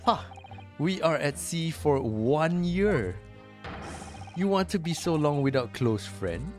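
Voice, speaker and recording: Casting: man doing a blunt circus strongwoman, broken English, raised pitch, slow emphatic delivery. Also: very animated, a little mellow, soft background music. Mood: insistent. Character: burly female circus performer, blunt.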